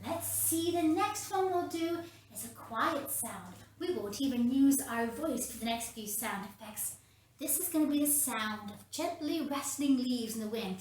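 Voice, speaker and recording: High-pitched and unhurried, with lively intonation, a children's ministry leader talks directly to kids during an upbeat story time at home. The roomy indoor space is very echoey, the mic sits at a distance, and there's a little hiss or hum.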